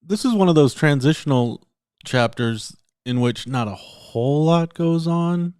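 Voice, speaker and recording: A man's voice: a little high, expressive, a little slow, darkish tone, smooth, no room sound, clean studio sound. A man co-hosting a podcast, talking in an easygoing casual chat and explaining things plainly. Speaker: podcast co-host.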